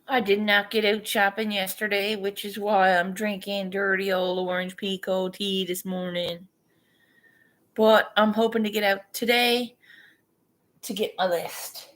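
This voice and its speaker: Casual woman vlogger, slow laid-back delivery, salty and chatty. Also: mid-range voice, flat delivery, a bit bright. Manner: chatty, swearing, laughs often. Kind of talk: casual morning chat.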